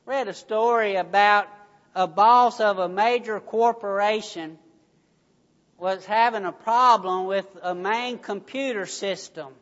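A preacher giving a sermon at a very unhurried pace, leaning hard on key words. The voice rings out with a long reverb in a church hall. The recording sounds dull and muffled. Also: medium pitch, a bit bright. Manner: slow, emphatic storytelling with rising stresses.

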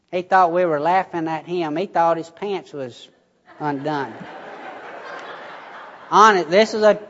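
A pastor with a fairly high voice preaches slowly and unhurriedly, folksy and chatty with his congregation. His voice rings out with a long reverb through the church sanctuary, and the sound is a little dull. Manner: folksy storytelling, addresses congregation. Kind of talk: sermon.

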